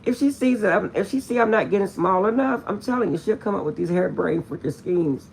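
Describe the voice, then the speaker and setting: A woman's voice: medium pitch, animated, fast talker, gravelly, darkish tone, slight background noise. A woman vlogger chatting casually to her viewers, telling a funny story with lots of laughter and insisting she is serious.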